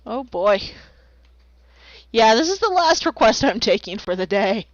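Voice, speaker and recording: A woman with a slightly high voice and wide pitch swings speaks at an unhurried pace while streaming herself drawing commissions. She chats playfully and casually, rambling and making silly noises. The recording is dry, slightly dull and lo-fi.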